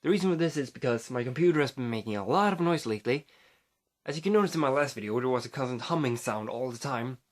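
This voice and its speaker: A man from Sweden with a Swedish accent talks straight into his phone's mic. He rambles loosely, restarting his sentences and padding them with fillers, at an ordinary pitch for a man. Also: animated, quick pace. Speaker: vlogger. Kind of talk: casual rambling vlog.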